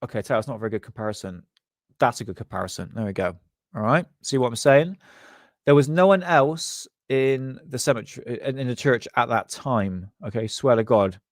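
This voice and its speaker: A man's voice: mid-range voice, fairly quick, no room sound, clean studio sound. A man hosting a live stream from his desk, casually chatting, joking, rambling and laughing often.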